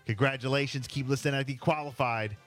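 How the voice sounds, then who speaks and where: A man's voice: mid-range voice, steady tone, fast, over loud music. A man hosting a call-in game show on the radio, upbeat and laughing easily.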